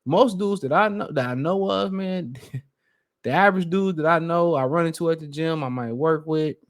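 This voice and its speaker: A man's voice: fairly high pitch, normal speed. A middle-aged man, giving a rambling, casual opinion monologue as a vlogger, full of fillers and restarts.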